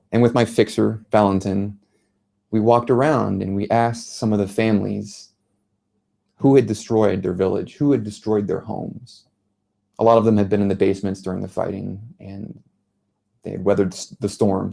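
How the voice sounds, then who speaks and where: A man from the United States in his thirties giving an earnest public talk as a journalist, telling a story in a measured way. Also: lowish voice, creaky, warm tone. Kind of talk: public speech. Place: lecture venue.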